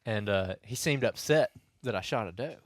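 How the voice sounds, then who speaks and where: Young podcast co-host, lowish voice, loose rambling storyteller, dry studio sound. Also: male voice, expressive, normal speed, no room sound. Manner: rambling storyteller, many restarts and asides. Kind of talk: casual hunting podcast chat.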